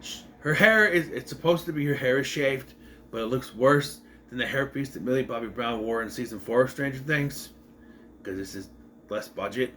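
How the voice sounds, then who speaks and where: Talking at normal speed in a fairly bright, medium-pitched voice, a young man reviews a TV episode casually, wandering off track and fixing his own statements as he goes. There's slight background noise.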